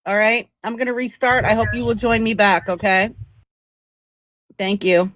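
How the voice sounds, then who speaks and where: A woman's voice: medium pitch, moderate pace, fairly bright tone, no room sound, studio quality. A woman hosting a live stream, talking earnestly and conversationally and thanking her viewers. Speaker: livestream host.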